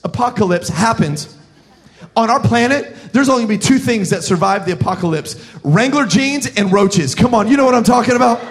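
A man with a very high speaking voice preaches a sermon. He is a pastor from South Florida who tells stories with a lot of animation, cracks jokes and shouts his punchlines.

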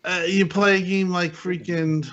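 A man's voice: high-pitched, level tone, a bit bright, lo-fi sound. A man co-hosting a casual gaming podcast, rambling and restarting his sentences. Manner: rambling, halting, restarts often. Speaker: podcast co-host. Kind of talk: casual gaming panel chat.

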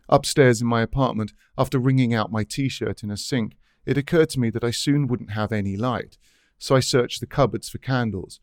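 A man's voice: lowish voice, no echo. A man reading his own essay aloud in a dry, wry, scripted narration.

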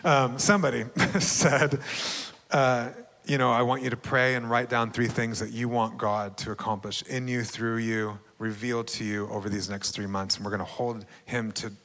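A man's voice: mid-range voice, normal speed. A young man giving a sermon testimony in an earnest, personal way, laughing often between thoughts. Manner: earnest, laughs often, bursts into excited shouting. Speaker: preacher. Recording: long hall reverb.

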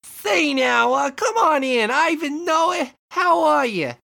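A fussy shop owner who guards his list of members and sounds high and emphatic. A woman plays him in an improvised comedy skit. The voice moves up and down a lot and goes slowly. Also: very animated, vocal fry, pushed and bright, heavily acted. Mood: welcoming, doubtful. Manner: high, emphatic, hesitant gatekeeping. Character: fussy male retro game shop owner.

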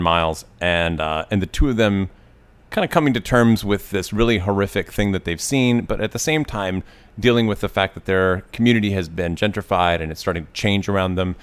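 A man with a fairly low voice co-hosts a movie podcast in casual chat. He retells plots at length, wandering through fillers and restarts. His talk stays loose and conversational. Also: clear, resonant tone. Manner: rambling, filler-heavy retelling. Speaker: podcast co-host.

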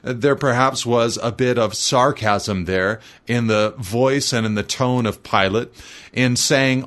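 A male preacher works through a scripture passage in a measured, explanatory way. His voice sits at an ordinary middle pitch, and he reads verses aloud before unpacking them for his listeners. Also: a bit bright. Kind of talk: expository sermon.

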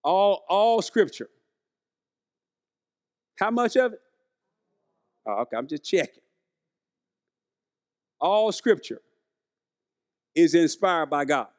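A man's voice: fairly high pitch, big pitch swings, takes it slowly, long pauses. A male preacher, delivering a conversational sermon who keeps asking the congregation questions and acting out the quotes.

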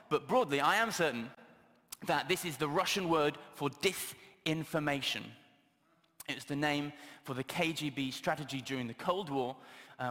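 A man's voice: fairly high pitch, pushed and bright. Chatty man preaching in a reverberant hall. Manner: chatty and self-deprecating, with filler words. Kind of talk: casual, humorous sermon. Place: church hall. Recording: long reverb of a church hall.

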